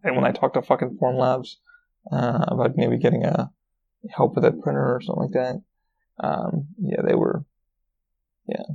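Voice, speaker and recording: Male podcast host, mellow gravelly voice, rambling and profane. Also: mid-range voice, little pitch movement, moderate pace, long pauses, lo-fi sound. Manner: rambling, swears a lot, many fillers and restarts. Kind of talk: casual solo podcast rant.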